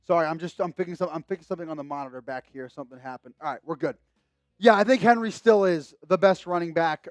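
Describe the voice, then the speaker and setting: A young man hosting a live sports stream, chatting casually about the game and shouting with excitement at big moments, a little hoarse from losing his voice. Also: high voice, dry recording. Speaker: sports livestream host. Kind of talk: live game commentary and chat. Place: home streaming setup with a monitor.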